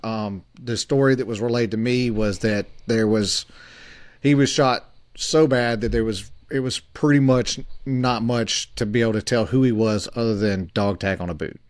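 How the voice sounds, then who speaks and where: A man in his forties, a podcast co-host, telling a story in a halting way with many fillers and restarts. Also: fairly low pitch, steady tone, darkish tone, dry recording.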